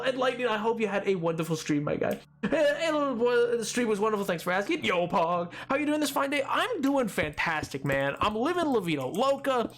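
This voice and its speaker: A man's voice: high voice, fairly bright tone. A man streaming a game, chatting casually in a goofy, rambling, playful way, a little tired. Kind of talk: casual live-stream chat while gaming.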